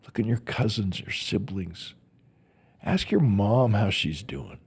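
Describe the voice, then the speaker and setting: A man's voice: lowish voice, lively intonation, takes it slowly, slightly rough. A man who is a motivational speaker, telling earnest stories as a podcast guest and often repeating words as he searches for them. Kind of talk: storytelling in a podcast interview.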